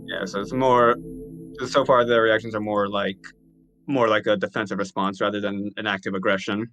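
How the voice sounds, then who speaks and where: A man's voice: on the low side, flat delivery, normal speed, fairly bright tone, faint music behind, low-quality recording. A man casually chatting as a player in a tabletop role-playing game, full of fillers like "like" and frequent laughs.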